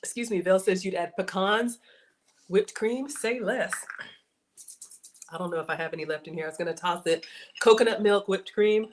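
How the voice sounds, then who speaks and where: A woman's voice: fairly low pitch, steady tone, fairly quick, background noise. A woman in her forties hosting a casual livestream, chatting to her viewers in a folksy way and calling them y'all. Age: 40s. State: out of breath. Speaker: livestream host.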